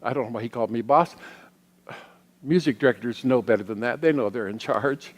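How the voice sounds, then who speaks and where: A middle-aged man giving a sermon as a guest minister. He tells personal stories in a reflective way, with pauses. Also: mid-range voice. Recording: long hall reverb.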